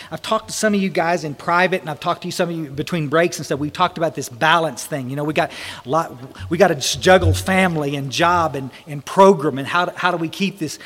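A man's voice: a little high, fairly bright tone, husky. A man giving a storytelling talk to a men's group at a recovery retreat, folksy and blunt with many restarts and mild swearing. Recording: long hall reverb.

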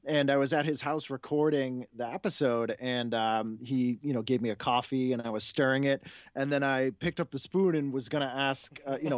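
A man's voice: mid-range voice, steady tone, fairly quick. A man in his forties hosting a podcast, chatting casually and enthusiastically, rambling and laughing often. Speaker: podcast host. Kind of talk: casual chat.

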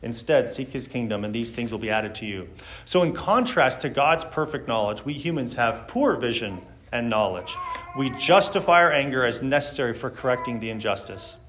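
A man's voice: mid-range voice, expressive, normal speed, a bit bright, a little hiss or hum. A man giving a church Sunday school lesson, speaking earnestly and reading scripture aloud with emphasis.

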